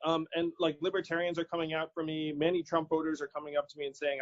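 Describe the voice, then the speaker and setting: A man's voice: on the high side, completely flat delivery, fast, few pauses, dry recording. A man being interviewed as a political candidate, talking casually and animatedly, quoting people in his stories and laughing easily. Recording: dull lo-fi audio.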